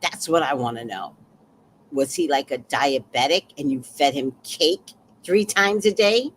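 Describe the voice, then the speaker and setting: A woman hosting a casual livestream, reading out the chat and telling stories with emotional, animated delivery. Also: low-pitched, measured pace, a little hiss or hum. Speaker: livestream host.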